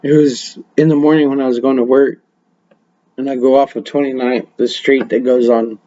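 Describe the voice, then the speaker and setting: A man with a mellow, darkish voice tells loose stories on a practice podcast, swearing freely and breaking into laughs. The audio is dull and lo-fi, like a webcam mic. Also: medium pitch, little pitch movement, moderate pace. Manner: profane, laughing, rambling storyteller. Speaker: podcast host. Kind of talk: casual storytelling.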